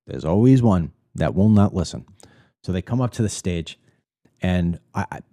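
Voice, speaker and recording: Blunt, indignant male commentator, dark and dry. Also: lowish voice, no room sound. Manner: blunt, indignant, emphatic, repeats words when worked up. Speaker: political commentator hosting his own show. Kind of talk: opinionated monologue to camera.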